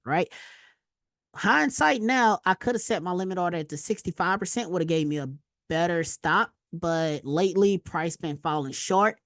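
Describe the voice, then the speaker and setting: A woman teaching a casual trading lesson over a screen share, slangy and animated, telling stories with loud exclamations. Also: on the low side, moderate pace, dry recording, clean studio sound. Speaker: trading instructor.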